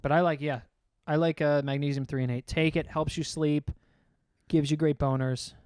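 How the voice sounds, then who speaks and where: A man with a fairly high, smooth voice, trading loose, crude jokes as a podcast co-host. He rambles through his stories in a relaxed, casual way. The sound is dry and close. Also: normal speed, no echo. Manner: rambling, crude, joking banter. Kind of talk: casual chat.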